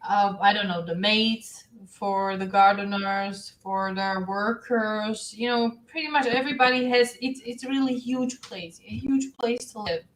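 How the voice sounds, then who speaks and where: A woman author as a guest in a casual panel chat, talking in halting restarts while she searches for words. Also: medium pitch, poor audio.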